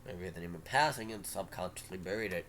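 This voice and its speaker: A man's voice: deep voice, quick pace, fairly bright tone, slight background noise. A male streamer reading a story game aloud, with casual, offhand asides. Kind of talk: reading a visual novel aloud.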